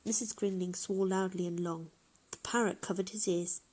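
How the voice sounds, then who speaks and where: A woman reading a children's picture book aloud in a gentle, expressive way. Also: on the low side, moderate pace, a little hiss or hum. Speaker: storyteller. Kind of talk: children's story read-aloud.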